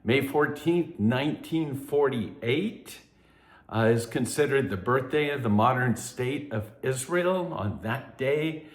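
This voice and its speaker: Slow, measured man in an echoey room. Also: medium pitch, expressive. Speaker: host of a news commentary update. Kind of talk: news commentary with scripture references.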